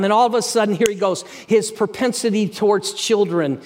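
A middle-aged man preaching a sermon as pastor, energetic and animated, dropping to hushed passages at times. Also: high voice, fairly quick, hardly any pauses.

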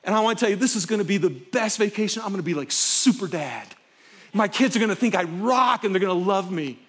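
A middle-aged man preaching a sermon from a stage, telling personal stories expressively and swinging from loud excitement to hushed intensity. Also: high-pitched, quick pace, husky. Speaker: pastor. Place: stage before a live congregation.

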